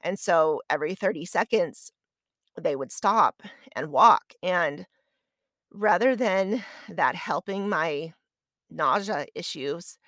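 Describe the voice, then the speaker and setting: A woman with a fairly low, slightly bright voice hosts her own podcast, telling a personal story in a chatty, self-deprecating way. The casual storytelling is recorded at studio quality with no echo.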